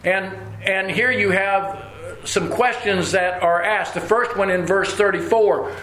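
A man's voice: sits high, unhurried, a bit bright. A man preaching a sermon, telling homespun stories and chuckling as he goes. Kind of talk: sermon with folksy storytelling. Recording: roomy hall with faint ambience.

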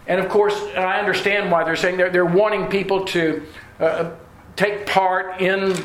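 Male preacher, homespun chuckling storyteller, high voice, echoey room with faint hiss. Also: a bit bright. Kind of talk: sermon with folksy storytelling. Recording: roomy hall with faint ambience.

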